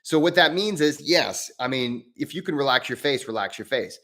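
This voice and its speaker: A man's voice: fairly high pitch, expressive, moderate pace, fairly bright tone. A man hosting a live Q&A as a breathwork coach, explaining in an earnest way and thinking aloud as he answers member questions.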